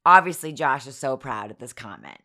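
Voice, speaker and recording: A low-pitched woman in her thirties with a hoarse, scratchy voice. She hosts a casual podcast and chats in a giggly, self-mocking way. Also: animated, a little fast, sharp tone. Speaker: podcast host. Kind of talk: casual chatty storytelling.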